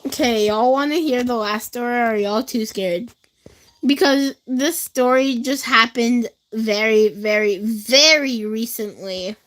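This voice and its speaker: Her voice is fairly high and fairly bright, her pace measured, and the audio poor. This teenage girl is livestreaming, casually rambling through school stories to her chat with many fillers and addressing viewers directly.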